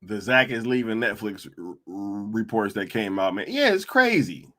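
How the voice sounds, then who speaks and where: A young man hosting a live stream, chatting casually and mocking online critics in slangy, animated talk with frequent laughter. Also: fairly low pitch, normal speed.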